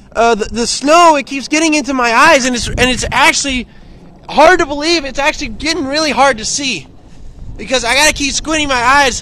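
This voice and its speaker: A man rambles excitedly through an outdoor vlog, out of breath from the storm. The camera's own mic catches faint wind and handling noise around him. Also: extremely high pitch. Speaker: vlogger. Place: outdoors in a snowstorm. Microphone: handheld camera mic.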